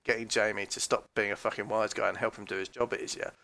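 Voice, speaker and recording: A man's voice: level tone, fast, gravelly, pushed and bright. A man giving casual, mocking commentary on a police recording, swearing freely and now and then mimicking voices. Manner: mocking, mimics voices with sudden high outbursts.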